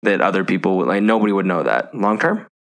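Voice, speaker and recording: A man with a fairly low voice co-hosts a podcast in relaxed, casual chat. He talks enthusiastically and rambles, trailing through his thoughts with plenty of fillers. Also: quick pace, creaky. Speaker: podcast co-host.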